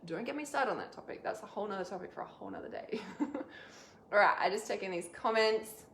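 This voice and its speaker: A woman's voice: mid-range voice, animated, a little fast, a bit bright, slight background noise. A woman hosting a casual live stream as an intuitive healer, chatty and reassuring, with lots of fillers and asides. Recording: echoey room.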